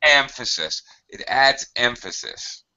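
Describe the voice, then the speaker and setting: Guy teaching english online, bright punchy voice, bounces around a lot, muffled call audio. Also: medium pitch, expressive, takes it slowly. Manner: patient, explains with acted example sentences. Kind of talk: online group English lesson.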